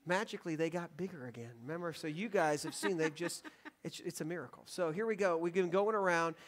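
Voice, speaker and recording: High-voiced casual pastor. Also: male voice, fairly quick. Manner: casual, joking with the congregation. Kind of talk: sermon. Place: church sanctuary.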